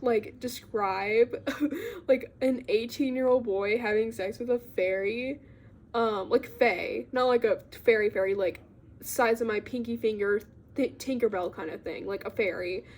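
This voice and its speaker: A young woman with a slightly high voice recaps a book in a loose, rambling way. She fills her talk with fillers and little giggly asides, chatting casually to her viewers. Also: unhurried, a little mellow. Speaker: book vlogger.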